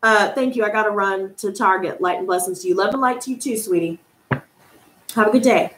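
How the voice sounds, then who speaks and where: A woman hosting a live tarot stream, reading out viewer comments and answering them in a gushing, excitable way that breaks into laughter. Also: medium pitch, fairly quick. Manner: excitable, gushing, calls viewers girl and honey, bursts of laughter. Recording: echoey room with faint noise.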